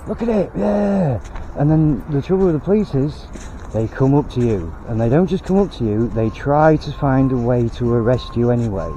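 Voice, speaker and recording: A man's voice: medium pitch, animated, moderate pace, few pauses, dark tone, a little hiss or hum, rough recording. A man vlogging outdoors on a canal towpath, ranting bluntly in a rambling way and swearing now and then. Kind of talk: casual rant while walking.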